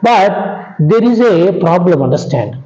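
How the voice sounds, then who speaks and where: Slow Indian English teacher, echoey room. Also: male voice, big pitch swings, warm tone. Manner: slow and repetitive, checks in with "understand?"; drops pitch at the ends of sentences. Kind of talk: classroom lecture. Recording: echoey room, dull lo-fi sound.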